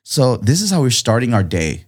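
A man, a guest artist, telling a story in casual chat, laid-back and slangy, with lively jumps in pitch whenever he quotes someone. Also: moderate pace, husky. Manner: animated, jumps high in pitch when quoting people; slangy, laid-back, says dude and bro a lot.

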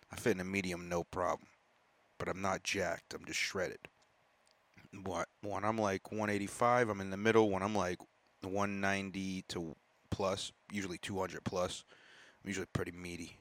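Deep-voiced man, profane podcast host. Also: fairly bright tone, dry recording. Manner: profane, rambling, joking. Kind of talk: casual chat.

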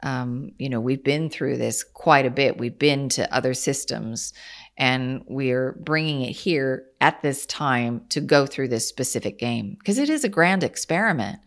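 A woman's voice: extremely low pitch, animated, unhurried. A woman, from Kansas. She is a guest on an interview and explains her ideas earnestly, with small restarts as she talks. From Kansas, USA. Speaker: guest, channeler. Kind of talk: casual interview talk.

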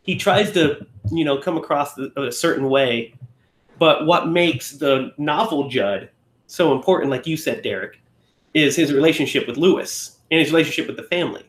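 A man talks films in a loose, rambling way, stopping to fix his phrasing and slipping into quick impressions. His voice sits a little high. The room around him rings with echo. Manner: rambling, self-correcting, often acts out lines. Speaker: podcast co-host. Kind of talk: casual film discussion.

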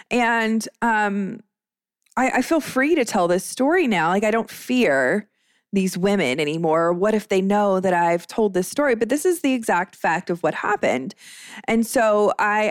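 A woman's voice: medium pitch, no room sound. Candid chatty woman, dry close sound. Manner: candid and chatty, many fillers. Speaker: podcast host. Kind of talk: personal storytelling podcast.

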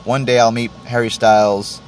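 Soft background music accompanies a man ranting casually on his own podcast in a mid-range voice with little pitch movement and a moderate pace. He tastes tea as he rambles, putting himself down, cursing often and stumbling over restarts.

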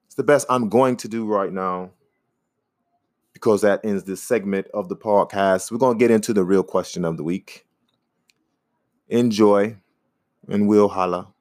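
A man hosting a casual podcast, rambling in a laid-back way and giving shout-outs to listeners. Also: fairly low pitch, normal speed, pauses often, dry recording, studio quality. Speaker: podcast host; comedian.

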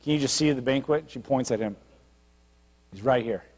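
A man's voice: medium pitch, moderate pace, a little mellow, big-room sound. A man, a pastor, preaching a sermon in a conversational way, retelling a scripture story with acted asides.

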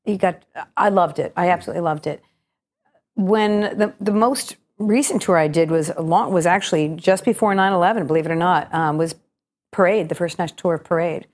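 A middle-aged woman who works as a stage actress and cabaret singer, a guest on a radio show. Her fairly low voice carries a slight gravel today, and she talks in a chatty, reflective way, often starting sentences over. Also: a little fast, a little mellow. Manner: chatty, reflective storytelling with frequent restarts. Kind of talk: radio interview.

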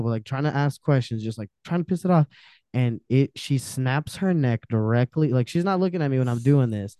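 A man tells a story as a guest on a podcast, animated and swearing freely as he acts out what people said. His voice is mellow and smooth. The sound is dry and close. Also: medium pitch, fairly quick, no echo. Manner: animated, profane, acts out quotes. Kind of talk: casual storytelling.

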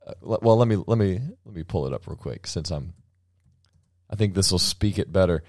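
A man's voice: low-pitched, animated, a little fast, darkish tone, no room sound, studio quality. A man hosting a casual podcast chat, rambling with many restarts and frequent laughter. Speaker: podcast host.

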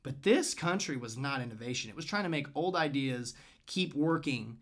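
A man co-hosting a podcast in casual talk. His manner is loose, profane and rambling, and his pitch sits at a middling height. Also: animated, moderate pace, a bit bright. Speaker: podcast co-host. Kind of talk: casual chat.

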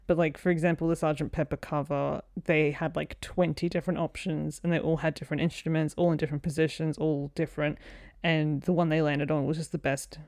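A woman's voice: sits low, flat delivery, brisk, darkish tone, dry recording, studio quality. A woman with an Australian accent co-hosting a podcast in casual chat, chatty and laughing often. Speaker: podcast co-host.

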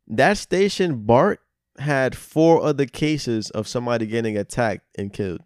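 A man's voice: mid-range voice, animated, normal speed, darkish tone, smooth, dry recording, clean studio sound. A young man in casual chat who reacts in a laid-back, slangy way.

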